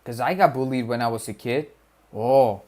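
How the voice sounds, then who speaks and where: A man's voice: mid-range voice, moderate pace, darkish tone. A young man, a student streamer, chatting casually with his viewers, rambling, repeating himself and joking in slang. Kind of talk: casual livestream chat with viewers.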